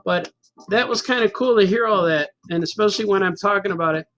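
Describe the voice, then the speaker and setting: A man's voice: high-pitched, quick pace, a bit bright. A man in his fifties telling a rambling, self-mocking story in a casual chat as a cartoonist host. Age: 50s. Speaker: cartoonist hosting a stream.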